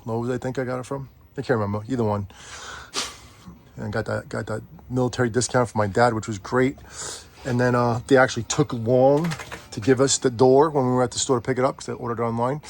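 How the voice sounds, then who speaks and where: A middle-aged man chatting casually and rambling as he walks a camera around his garage arcade. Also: medium pitch. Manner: rambling, chatty, self-interrupting. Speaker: vlogger. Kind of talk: casual walk-through chat.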